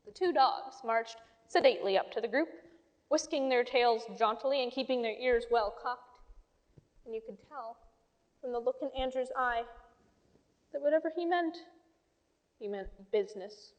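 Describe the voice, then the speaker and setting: A woman reading a children's story aloud with lively, expressive storytelling. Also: a little high, normal speed, long pauses. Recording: long hall reverb.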